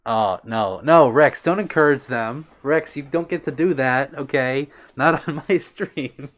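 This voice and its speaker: A man's voice: mid-range voice, takes it slowly, a bit bright. Giggly, bashful man streamer. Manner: playful, giggly, bashful about compliments. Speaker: livestream host. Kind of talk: casual chat reading out viewer comments.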